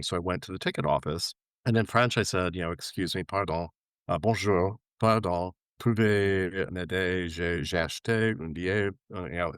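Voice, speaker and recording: A man from New York, a podcast guest, telling a travel story with energy and acting out the people he quotes. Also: dry recording. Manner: animated anecdote-telling, acting out quoted voices with big pitch jumps. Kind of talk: casual storytelling interview.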